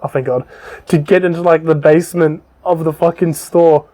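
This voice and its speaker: Rambling, slightly high-voiced man podcaster. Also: steady tone, moderate pace, warm tone. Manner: loose and rambling, frequent ums and profanity. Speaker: podcast co-host. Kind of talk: casual podcast chat, retelling a book's plot.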